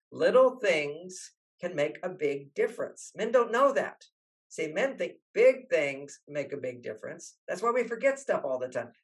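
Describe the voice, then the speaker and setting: An older man, a relationship author, telling stories in an interview and acting out the people he quotes. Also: sits high. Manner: animated, acts out quoted voices. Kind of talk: storytelling interview talk.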